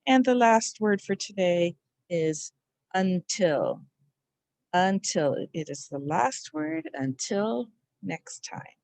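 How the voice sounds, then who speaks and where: A middle-aged woman teaching a slow spelling lesson, overpronouncing each sound and syllable. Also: mid-range voice, big pitch swings, gravelly, darkish tone, dry recording.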